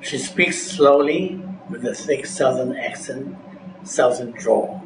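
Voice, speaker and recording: A man narrating a scripted vocabulary lesson as a teacher, reading in a measured, deliberate way. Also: medium pitch, creaky. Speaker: English teacher. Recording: echoey room with background noise.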